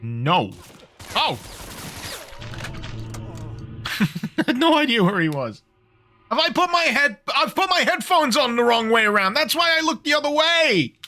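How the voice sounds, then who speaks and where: A man's voice: very high voice, very animated, a little slow, pauses often, bright, forceful tone, soft background music. A man streaming a game, joking with his chat and laughing often, a little tipsy from a few beers. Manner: jokey, laughs often, chats with viewers. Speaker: gaming streamer. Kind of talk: casual livestream commentary.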